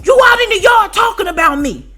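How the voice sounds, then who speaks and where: A woman voicing a furious older woman cellmate who yells accusations at the top of her lungs. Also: lively intonation, brisk, faint music behind, exaggerated voice. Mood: accusing. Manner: yelling, shrill accusations.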